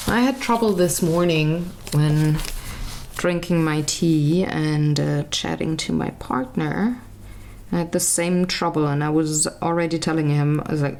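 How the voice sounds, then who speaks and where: A woman's voice: deep voice, a little slow, darkish tone. A woman chatting casually while she colours, rambling and searching aloud for words, with self-mocking asides. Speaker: colouring vlogger.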